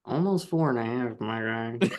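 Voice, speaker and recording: A man's voice: medium pitch, animated, normal speed. A man co-hosting a casual comedy podcast, playful and jokey with theatrical flair. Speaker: co-host.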